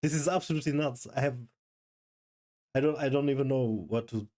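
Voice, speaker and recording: A young man streaming live, overwhelmed and excited, talking in loose slang and swearing. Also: medium pitch, brisk. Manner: excited, stunned, swearing, calls everyone bro. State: overwhelmed, shaking. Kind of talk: live stream reaction chat.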